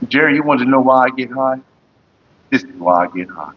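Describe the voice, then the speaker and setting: Medium-pitched and fairly quick, with lively intonation, this man hosts a smoking session on his casual vlog, though the audio is dull. He rambles and jokes loosely, speaking to viewers and chat by name.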